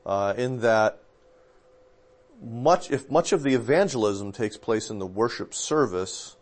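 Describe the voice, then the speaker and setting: A pastor with a medium-pitched, slightly slow voice talks through theology in a casual discussion. He's relaxed and rambles a bit, using fillers and correcting himself as things come back to him.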